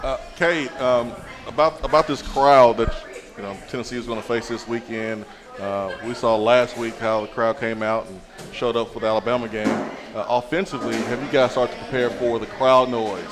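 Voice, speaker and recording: A man co-hosting a live sports talk show, asking questions with many fillers and pauses. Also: mid-range voice, fairly even intonation. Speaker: co-host. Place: busy restaurant with crowd chatter. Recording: live event with crowd noise.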